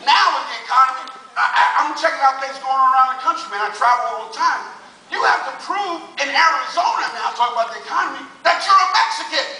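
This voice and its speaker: Loud high-voiced older comedian, bright. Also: male voice, expressive, quick pace. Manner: loud punchy delivery, shouting punchlines. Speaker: stand-up comedian. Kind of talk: stand-up comedy set. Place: casino showroom stage. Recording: echoey audience recording from far off. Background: faint crowd laughter.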